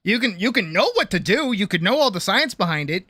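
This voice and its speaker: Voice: medium pitch, big pitch swings, brisk, pushed and bright, slightly rough, no echo. A streamer chatting with viewers in a rambling, profane way, breaking off mid-sentence and laughing often. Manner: rambling, profane, self-interrupting. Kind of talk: casual chat with viewers. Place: home streaming setup.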